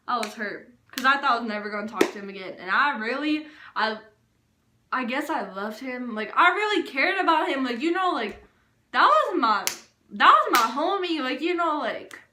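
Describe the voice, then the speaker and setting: High, bright young woman telling a story. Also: roomy sound, slight background noise. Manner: casual, animated, heavy on filler words. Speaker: vlogger. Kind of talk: storytime vlog.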